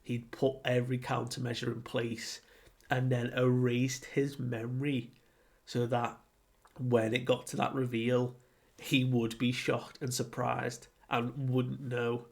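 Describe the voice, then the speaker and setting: A man's voice: medium pitch, monotone, slow pace, gravelly. A young man chatting casually through a comic chapter recap, full of fillers and acted-out quotes. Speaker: anime and manga reviewer.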